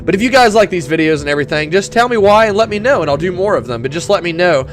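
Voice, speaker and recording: Young male gamer, fairly high voice, gruff put-on tanker voice, excitable commentary. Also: racing, faint music behind. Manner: excitable, bursts into whoops and laughter. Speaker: gaming YouTuber. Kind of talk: live gameplay commentary.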